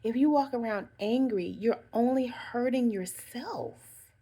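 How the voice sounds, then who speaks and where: A woman's voice: on the high side, a little slow, mellow, breathy edge. A woman talking straight to her viewers, giving earnest self-care advice and repeating phrases for emphasis. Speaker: vlogger. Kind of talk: casual motivational talk to camera.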